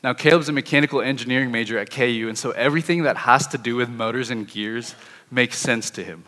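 A young man in his twenties telling a personal testimony as a sermon, animated and acting out his own thoughts. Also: medium pitch, fast, big-room sound. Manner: lively, animated, acts out his inner thoughts. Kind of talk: sermon-style storytelling.

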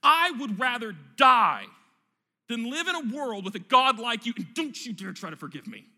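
A man's voice: wildly swooping pitch, quick pace, creaky, a bit bright, slightly rough, big-room sound, exaggerated voice. A man voicing a petulant male prophet who whines and complains like a child in a tantrum. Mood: whiny tantrum. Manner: whiny, shrill complaining.

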